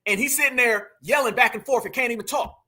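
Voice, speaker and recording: A man's voice: extremely high pitch, fast, very noisy. A man hosting a commentary show, reacting to video clips and talking emphatically straight to his viewers. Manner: emphatic, repeats phrases, addresses viewers as family. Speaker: commentary channel host.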